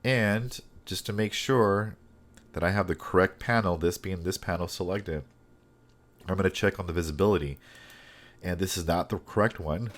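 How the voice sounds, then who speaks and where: Man, very low voice, comic art tutorial, thinks out loud, hesitant restarts. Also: moderate pace. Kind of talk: step-by-step digital drawing tutorial.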